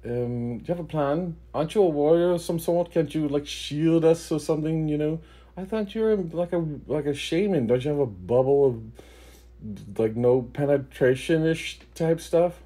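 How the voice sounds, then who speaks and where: A man voices a nervous male shaman, pitched a little above the performer's own voice. He hedges every question and stalls with fillers, and the tone stays mellow. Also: steady tone, rapid-fire, hardly any pauses, breathy edge. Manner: hesitant, filler-heavy.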